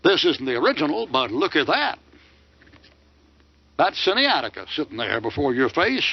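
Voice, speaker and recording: Combative preacher. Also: male voice, a little high, very animated, moderate pace, breathy edge. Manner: combative, rhetorical questions with mocking answers. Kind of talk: sermon lecture. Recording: dull lo-fi dry recording.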